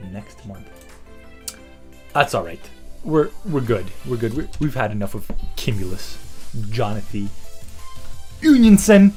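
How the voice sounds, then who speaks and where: A man's voice: medium pitch, unhurried, long pauses, soft background music. A man hosting a comedy podcast, riffing in a rambling, profane, swaggering way. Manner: profane, animated, swaggering storytelling. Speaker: podcast host.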